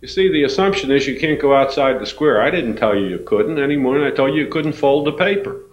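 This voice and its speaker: A male professor tells a story to his audience, lively and animated as he acts out each voice. His voice has an ordinary middle pitch and rings through a roomy hall, with a faint hiss in the background. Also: fast talker, dull audio. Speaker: university professor lecturing. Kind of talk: storytelling lecture.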